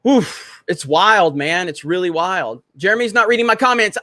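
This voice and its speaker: A man's voice: high voice, lively intonation, moderate pace, pushed and bright, dry recording. A man hosting a live stream, chatting casually and bantering with viewers in a brash, profane way.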